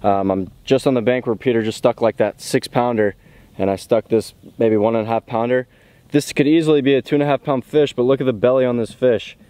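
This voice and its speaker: A man's voice: mid-range voice, fairly even intonation, fairly quick, mellow, dry recording. A young man filming himself fishing outdoors on a pond bank, talking casually and laughing easily. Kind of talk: casual fishing vlog commentary.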